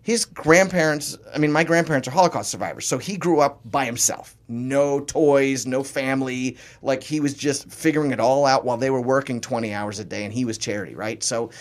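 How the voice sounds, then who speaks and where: A man from New Orleans, a comedian guest in a casual interview, telling animated stories and slipping into voices and accents. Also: medium pitch, a little fast, few pauses. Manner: animated storyteller who slips into voices and accents.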